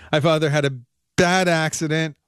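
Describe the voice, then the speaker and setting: A man's voice: fairly high pitch, a bit bright, clean tone, dry recording. Casual male radio co-host, easygoing rambling talk, close dry mic. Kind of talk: casual morning show chat.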